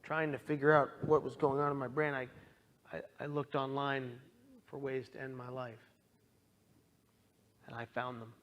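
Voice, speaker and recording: A man telling his own story as a dramatic testimony, impassioned and pleading, swinging from hushed lines to loud outbursts. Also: mid-range voice, level tone, normal speed, long pauses. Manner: pleading, directly addresses listeners. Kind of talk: dramatic personal testimony talk.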